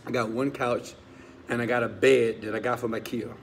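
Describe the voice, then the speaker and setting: Guy preaching his own story, mid voice, asks the crowd stuff, gets loud then quiet. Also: medium pitch, steady tone, normal speed, a little hiss or hum. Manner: emotional, swings from loud urging to hushed confession; talks straight to listeners with questions. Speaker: motivational speaker. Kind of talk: personal storytelling talk.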